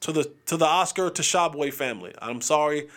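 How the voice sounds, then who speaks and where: A young adult man hosting a casual sports podcast, joking, animated and restarting his sentences often. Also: fairly high pitch, moderate pace. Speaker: podcast host.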